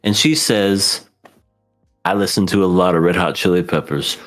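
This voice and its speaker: A man's voice: sits low, steady tone, moderate pace, a bit bright, soft background music. A man co-hosting an anime podcast, chatting casually, laughing often and acting out characters' lines. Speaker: podcast co-host. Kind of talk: casual anime review chat.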